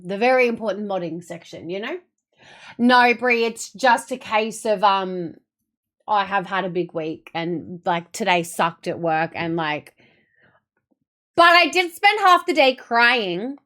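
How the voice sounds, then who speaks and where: A woman's voice: fairly high pitch, fairly bright tone. A young adult woman streamer chatting casually with her viewers, telling a long, emotional story in a rambling way.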